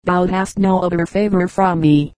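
A woman's voice: fairly low pitch, fairly even intonation, moderate pace, dark tone, no room sound, lightly acted. A woman reading the lines of a cruel male knight issuing cold, archaic threats.

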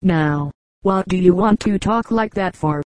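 A woman's voice: lowish voice, a little slow, a little mellow, no room sound, lightly acted. A woman reading the lines of an older riverboat pilot mildly objecting to his wife. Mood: chiding.

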